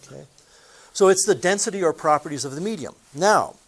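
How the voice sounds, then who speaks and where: A man's voice: on the high side, expressive, fairly quick, a bit bright. A man teaching a physics lesson in a chatty way, putting questions to his listeners and adding personal stories. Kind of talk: recorded classroom lesson.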